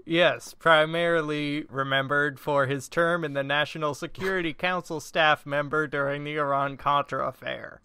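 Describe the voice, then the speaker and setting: A man playing a self-important old military man, with a slow, blustering drawl. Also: on the high side, fairly even intonation, pushed and bright, clear, resonant tone, dry recording.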